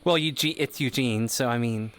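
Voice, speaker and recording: A man's voice: medium pitch, moderate pace, fairly bright tone. A man running a casual online role-play, rambling and full of fillers. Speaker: game master.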